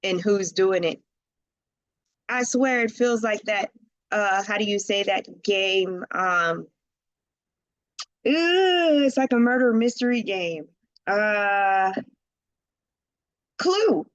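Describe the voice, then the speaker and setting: A woman's voice: medium pitch, expressive, slow pace, pauses often, dry recording, dull audio. A woman giving a casual tarot reading, chatty and slangy, laughing often and talking straight to the viewer. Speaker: tarot reader.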